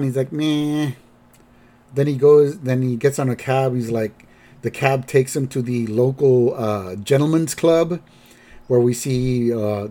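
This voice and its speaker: A man's voice: medium pitch, dark tone. A man hosting a podcast, casually recapping a cartoon episode with lots of fillers. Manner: rambling, filler-heavy. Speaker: podcast host.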